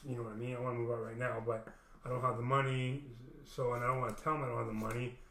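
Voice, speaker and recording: A man's voice: mid-range voice, level tone, rapid-fire, fairly bright tone. A young man telling a long, rambling story full of swearing, restarting often and acting out what other people said. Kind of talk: casual storytelling rant. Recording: echoey room.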